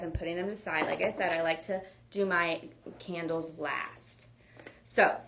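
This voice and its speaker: A woman hosting a live home decor shopping show, chatting casually with lots of fillers as she demonstrates products. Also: fairly low pitch.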